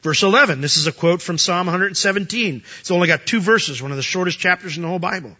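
A man preaching a sermon as pastor, animated and acting out the voices he quotes. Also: sits high, fast talker, husky, highs cut off.

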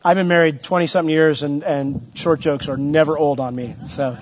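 A man's voice: fairly even intonation, brisk, muffled recording, a little hiss or hum. A middle-aged man preaching as a pastor, asking the congregation questions and lifting his voice for emphasis. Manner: asks the congregation questions, rises in pitch and volume for emphasis. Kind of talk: sermon.

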